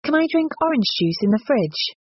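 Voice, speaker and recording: A woman's voice: fairly high pitch, sing-song, breathy edge, dry recording, muffled recording. A woman reading English phrasebook sentences aloud for a language lesson, in a careful way. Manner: slow, careful phrasebook delivery.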